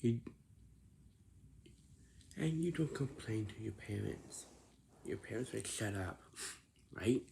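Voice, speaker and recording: A man's voice: on the low side, expressive, takes it slowly, gravelly, long pauses, a little mellow, slight background noise. A man telling a casual, rambling story, often stopping to repeat and correct himself.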